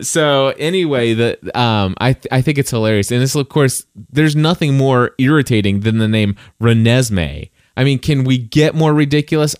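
A man co-hosting a laid-back book podcast, alternating between reading passages from a novel and chatting about them. His talk rambles, restarts itself and breaks into chuckles, at a middling pitch. The recording is close and dry, with almost no room sound. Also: clear, resonant tone, no echo. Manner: rambling, self-interrupting, with chuckles. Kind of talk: casual book-discussion chat with read-aloud passages.

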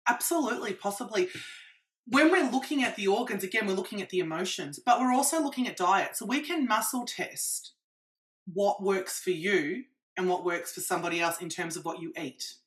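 A woman practitioner, a guest in an interview, explaining her methods in an animated way with examples. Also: medium pitch, a little fast.

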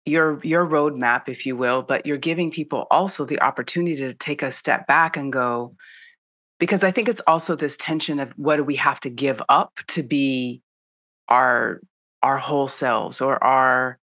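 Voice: medium pitch, normal speed, pushed and bright, dry recording, clean studio sound. An interview host who talks reflectively, searching for words and restarting phrases in a casual conversation.

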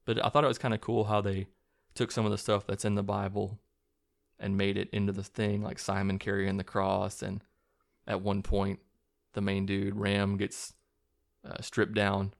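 Man, low and gravelly, rambling casual movie recap with chuckles and cussing. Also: completely flat delivery, moderate pace. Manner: rambling, chuckling, profane retelling with restarts. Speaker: movie reviewer.

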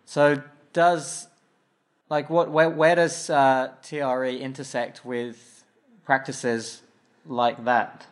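A man's voice: medium pitch, level tone, takes it slowly. A man hosting a podcast, recounting an experience and asking questions in a thoughtful, hesitant way. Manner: thoughtful, hesitant phrasing with fillers. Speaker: podcast host. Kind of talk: casual interview chat.

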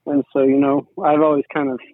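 A man's voice: medium pitch, little pitch movement, brisk, a little hiss or hum. A man talking casually as a guest, rambling with lots of "you know"s. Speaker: guest, sibling-in-law. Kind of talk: casual conversation. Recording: tinny phone-like line.

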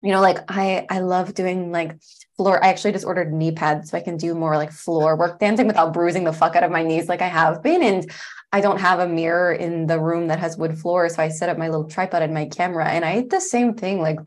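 A woman hosting a podcast interview, talking in an effusive, casual way with some swearing. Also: on the low side. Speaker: podcast host.

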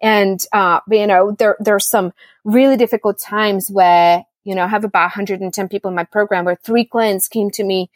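A woman's voice: medium pitch, normal speed, no room sound, studio quality. A middle-aged woman who is a business coach, telling stories in a casual interview and acting out her own reactions as she goes. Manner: animated storyteller, acts out her own reactions. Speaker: podcast guest, business coach. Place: home in Costa Rica during rainy season.

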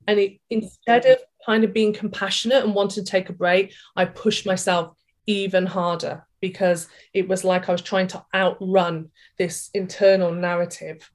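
Chatty woman in her 40s, interview guest, animated storyteller who voices her own past thoughts. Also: medium pitch, moderate pace. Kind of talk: candid personal story in a podcast interview.

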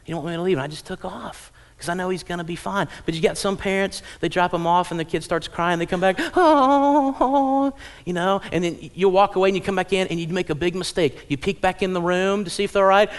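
A man in his thirties preaching a sermon in a church, telling family stories and acting out parents and kids in lively little voices. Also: sits high, fast, hardly any pauses. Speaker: pastor. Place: church auditorium.

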